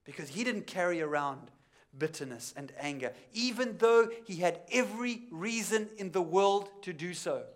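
A pastor with a high, expressive voice delivers a sermon in church at normal speed. He climbs to emphatic highs before falling into quiet intensity, repeating important phrases to drive them home.

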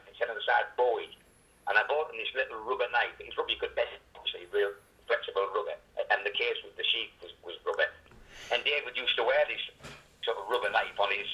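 A quick-talking man tells rambling stories as a radio guest. His voice comes through a dull, lo-fi phone line. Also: on the low side, sharp tone. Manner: rambling, anecdotal. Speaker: guest, author of a memoir. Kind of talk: casual interview.

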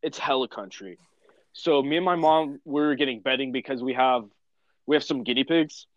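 A man's voice: medium pitch, moderate pace, no room sound, highs cut off. A young man chatting casually, telling rambling stories full of slang and swearing. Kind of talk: casual chat.

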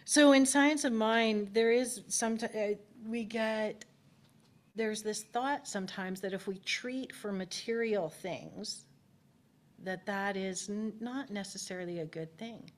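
A woman's voice: mid-range voice, measured pace. A woman spiritual director giving a conversational sermon at a spiritual center and asking the congregation questions. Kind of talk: casual sermon. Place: spiritual center, in person and streamed.

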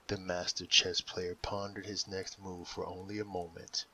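A man narrating an original audiobook in a slow, deliberate dramatic reading style. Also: low-pitched, level tone, sharp tone, husky, far from the mic, low-quality recording.

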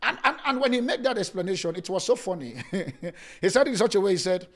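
Man, pastor, sermon, high-pitched, lively delivery. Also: fast talker. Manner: preaching with sudden swings in loudness and pitch.

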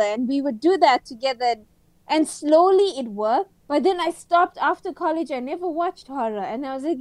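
A woman co-hosting a casual podcast chat, telling a story in an excitable, dramatic way. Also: high-pitched, no room sound. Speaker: podcast co-host.

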